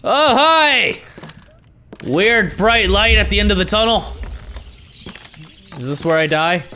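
A young man giving jokey, animated commentary while playing a horror video game, often swearing as he reacts. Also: high-pitched, measured pace, a little hiss or hum. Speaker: gaming YouTuber. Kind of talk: let's play commentary.

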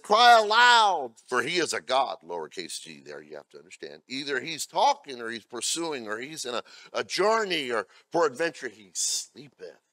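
A male pastor delivering a sermon, moving between loud scripture readings and blunt asides to the congregation. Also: medium pitch, dry recording, clean studio sound. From America. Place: church.

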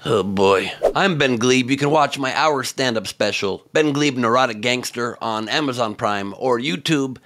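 Sarcastic man with a gravelly voice. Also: mid-range voice, moderate pace, hardly any pauses, noisy background. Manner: sarcastic, mocking, with sudden loud outbursts. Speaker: political commentary host. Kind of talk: scripted comedic political commentary.

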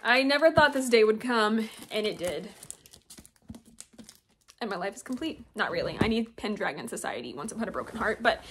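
Chatty, higher-voiced woman gushing over books. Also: animated, normal speed, a bit bright, slight background noise. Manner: gushing, chatty, reads blurbs aloud. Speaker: booktuber. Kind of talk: casual book haul vlog.

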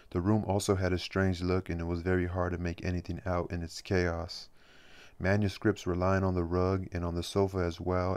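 A man reading a novel aloud as an audiobook, measured and steady with occasional restarts. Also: sits low. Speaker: audiobook reader.

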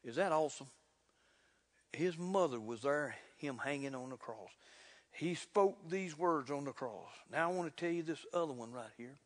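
A man preaching a sermon in a folksy, fervent way, building to loud exclamations. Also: fairly high pitch, expressive, moderate pace. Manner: folksy, repeats "look here". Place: church sanctuary. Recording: reverberant church hall.

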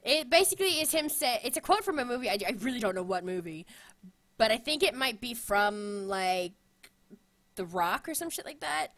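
Young woman, casual chat, excitable, profane, animated pitch, bright tone. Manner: excitable and profane, quick to shriek and laugh. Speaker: co-host.

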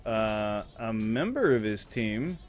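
A man's voice: lowish voice, big pitch swings, slow pace, faint music behind. A young man streaming a game, chatting casually in a crude, rambling way and swearing a lot. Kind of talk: casual gaming chat.

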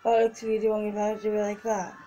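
A woman's voice: mid-range voice, completely flat delivery, fast talker, warm tone, dull audio, faint music behind. A teenage girl vlogging casually, chatty and gushing as she talks through photos on her phone. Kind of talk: casual vlog chat.

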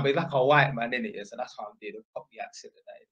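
A man's voice: mid-range voice, rapid-fire, bright, forceful tone, husky. A man vlogging, telling a story in a rambling, slangy way and tagging lines with "innit". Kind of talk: casual storytelling.

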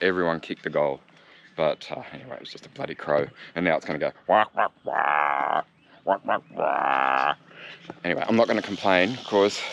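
An Australian man vlogs his bike ride through a national park, keeping up a chatty, joking and upbeat commentary to the camera in local slang. His voice is low-pitched. The audio is dull, with a little hiss or hum and background music.

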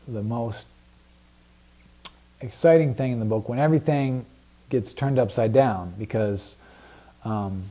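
A man's voice: medium pitch, warm tone. A man teaching a Bible study group in a casual, conversational way, with many fillers and frequent questions to the class.

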